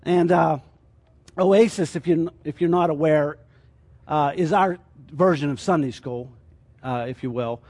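A man's voice: fairly high pitch, a little slow, long pauses, darkish tone. A man teaching a sermon as a church teacher, explaining his points through rhetorical questions.

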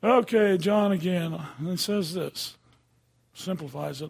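A man's voice: sits high, unhurried, creaky, husky. An older man preaching a sermon in a folksy, conversational way, often checking in with his listeners.

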